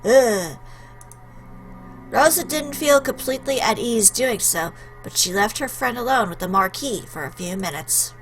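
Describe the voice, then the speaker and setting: A woman hosting a let's play, reading a visual novel aloud with expressive, chatty asides. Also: fairly high pitch, measured pace, soft background music.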